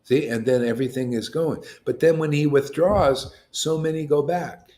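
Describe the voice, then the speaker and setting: A man's voice: on the high side, fairly even intonation, normal speed, mellow. Man giving a casual devotional talk. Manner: colloquial, asks rhetorical questions often. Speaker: spiritual teacher.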